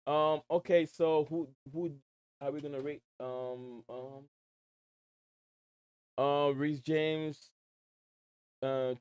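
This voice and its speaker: A man with a West African accent touched by American speech hosts a casual fan livestream from home. His voice is smooth and clear, sitting at an ordinary middle pitch. He drifts from one viewer comment to the next, repeating words and leaning on fillers. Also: a little mellow, no echo. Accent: West African blended with American. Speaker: livestream host. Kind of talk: casual fan chat reading viewer messages.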